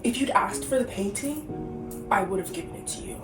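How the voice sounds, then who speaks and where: A woman's voice: mid-range voice, lively intonation, fairly quick, reverberant, recorded from a distance, over music, lightly acted. A woman voicing a tearful young woman pleading with her boyfriend, in a dramatic book reading.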